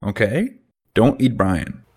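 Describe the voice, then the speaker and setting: A man voicing Enki, an odd, gentle male hero in a tabletop game who talks in a quizzical, mumbling way. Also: lowish voice, animated, slow, husky, exaggerated voice. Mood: earnest.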